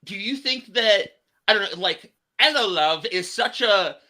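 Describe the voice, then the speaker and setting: An American man hosting a casual podcast chat, talking in halting bursts full of fillers and restarts. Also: sits high, animated, sharp tone. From United States. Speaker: podcast host.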